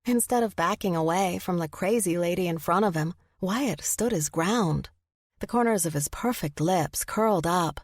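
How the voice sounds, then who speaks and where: A woman narrating a first-person audiobook, expressive in the character's flustered lines. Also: fairly low pitch, moderate pace, no room sound, studio quality.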